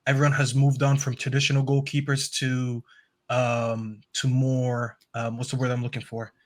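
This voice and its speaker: A man's voice: medium pitch, flat delivery, normal speed. A man with an ordinary mid-range voice talks as a football fan on a panel. He speaks earnestly, rambling a little and stopping often to find his words. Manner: earnest, rambling, lots of "um" fillers. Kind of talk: casual panel chat.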